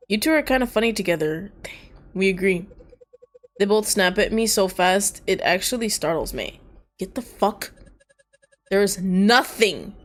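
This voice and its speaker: A woman streamer reading a story game aloud and reacting to it, swearing casually and breaking into loud laughs. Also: mid-range voice.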